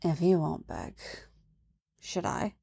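A woman voicing a hardened male bounty hunter who talks in a rough, halting way, pleading through curses. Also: medium pitch, steady tone. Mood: tender.

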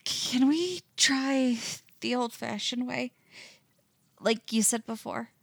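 A woman voicing a fragile young woman who speaks in a shaky, halting way in a storybook reading. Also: on the high side, gravelly, slightly rough, no room sound, voice pushed up, heavily acted. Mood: pleading.

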